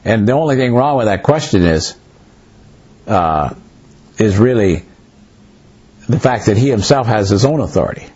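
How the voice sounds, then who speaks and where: A man's voice: lowish voice, lively intonation, moderate pace, long pauses, darkish tone, breathy edge. A man leading a conversational Bible study, telling stories animatedly and acting out bits of dialogue, with loose restarts as he talks. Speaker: pastor or Bible teacher. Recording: muffled lo-fi recording.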